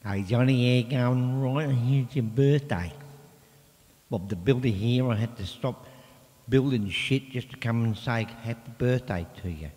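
A man voicing a blunt, friendly male builder in a lower, rough voice, in an echoey room. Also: measured pace, a little mellow, close to an everyday voice. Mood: gruff. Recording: echoey hall with faint music.

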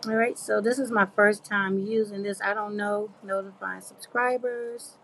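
A woman's voice: mid-range voice, steady tone, normal speed, hardly any pauses, fairly bright tone, a little hiss or hum. A middle-aged woman, hosting a live craft stream and chatting casually with her viewers as she reads their comments. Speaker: craft livestream host. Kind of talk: casual livestream chat.

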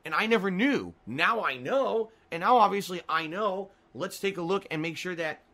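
A man's voice: sits high, animated, normal speed, sharp tone, poor audio. A man streaming a game live, commenting as he plays, often frustrated and swearing. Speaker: gaming streamer.

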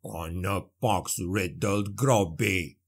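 A man voicing a huge, gruff, one-eyed dwarf warrior who growls and snarls with contempt. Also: deep voice, slow pace, voice pushed down, full character voice. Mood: snarling.

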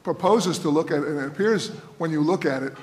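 A man's voice: fairly high pitch, brisk. Brief: senator at a hearing, man, folksy and rambling, slightly raised voice, distant and echoey. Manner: folksy, joking, long-winded questions with many ums. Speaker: state senator questioning a witness. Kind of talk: legislative hearing questioning. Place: legislative hearing room. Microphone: table microphone, at first switched off. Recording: echoey distant hearing-room audio with noise.

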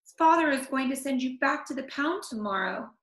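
Woman reading as a worried little boy, pleading, fairly high voice, echoey room. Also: lively intonation, a little fast, a bit bright.

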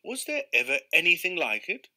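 Man doing an excitable gentleman angler. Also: on the high side, moderate pace, pitched above the performer's own voice, full character voice. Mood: delighted. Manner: exclamatory, indignant.

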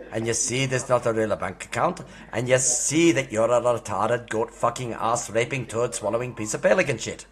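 A man in his sixties with an Australian accent, baiting a scam caller with crude, mocking insults and sudden furious shouting. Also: mid-range voice. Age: 60s. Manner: foul-mouthed, mocking, bursts into furious shouting. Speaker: scam baiter. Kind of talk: crude prank call.

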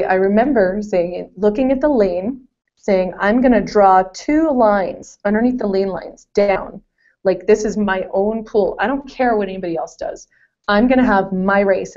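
A woman's voice: mid-range voice, a little mellow. A woman in her forties, a former competitive swimmer, telling stories in a casual interview with lots of laughter and self-deprecating asides. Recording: dull lo-fi call audio.

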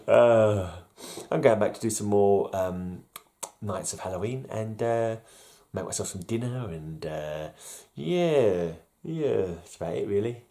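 A man's voice: lowish voice, lively intonation, a little slow, dark tone. A middle-aged man hosting a casual vlog, rambling and chuckling at himself. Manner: rambling, chuckling, self-deprecating. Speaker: vlog host. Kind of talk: casual solo vlog chat.

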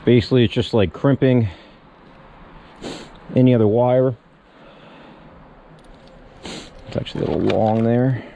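A man in a casual how-to vlog, explaining step by step in a relaxed way while he works on his truck outdoors. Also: medium pitch, measured pace, gravelly, pauses often, slight background noise. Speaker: small business owner showing a truck equipment setup.

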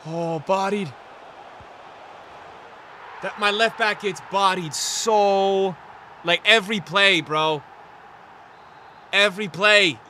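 A man streaming a football video game, talking to his chat in slangy, repetitive commentary that jumps from shouting at the referee to low muttering. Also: slow pace, pauses often, a little hiss or hum. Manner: swings between shouted outbursts and low muttering; slangy, repeats himself. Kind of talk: live gameplay commentary.

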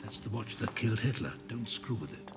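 An actor playing an eccentric older aristocrat, brisk and dry, who rambles. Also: male voice, fairly low pitch, animated, loud music behind the voice, lightly acted.

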